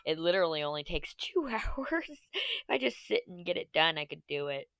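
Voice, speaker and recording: A woman vlogging casually while she crafts, chatty and self-mocking, thinking her plans out loud. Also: lowish voice, sing-song, normal speed, vocal fry, no room sound.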